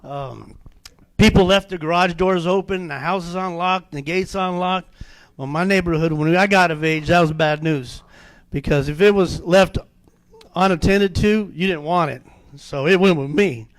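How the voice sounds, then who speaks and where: Guy with a highish voice telling his testimony, lots of uhs and restarts, dry sound. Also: moderate pace, dry recording. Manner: animated storytelling with many fillers and restarts. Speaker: testimony speaker. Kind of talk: personal testimony at a church men's meeting.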